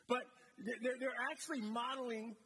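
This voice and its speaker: A man's voice: high voice, fairly bright tone, slightly rough. A man preaching a sermon as a guest speaker, talking conversationally and telling stories with asides. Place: church sanctuary. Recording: long hall reverb, faint noise.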